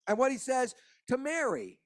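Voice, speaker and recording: A man, preaching a sermon as pastor, impassioned, with hushed passages and rising emphasis. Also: very high voice, big pitch swings, normal speed. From Kentucky.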